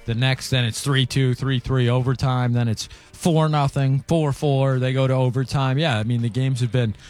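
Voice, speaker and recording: A man co-hosting a sports talk show, opinionated and steady as he breaks down the games. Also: mid-range voice, moderate pace.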